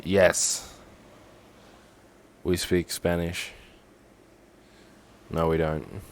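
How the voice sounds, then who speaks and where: A man's voice: low voice, fairly even intonation, very slow, gravelly. A young Australian man with an Australian accent, rambling sarcastically and swearing as he talks through a form on a casual livestream.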